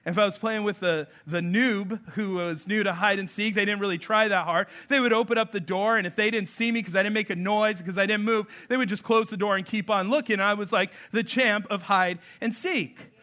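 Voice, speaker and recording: A man in his thirties preaching a sermon, telling stories with lively acted-out voices. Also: high-pitched, brisk, few pauses. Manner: storytelling, animated, acts out voices. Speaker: pastor.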